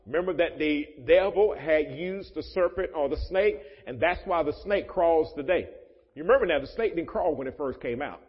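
A man preaching a sermon as pastor of his church, with loud rising emphasis and joking asides to the congregation. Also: fairly high pitch, moderate pace, husky. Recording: muffled, echoey church hall.

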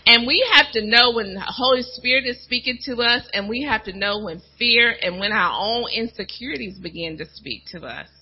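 A middle-aged woman, a church first lady preaching a testimony sermon in an animated way, with asides and playful voices. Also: a little high, moderate pace, few pauses, a little hiss or hum. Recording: dull lo-fi church recording.

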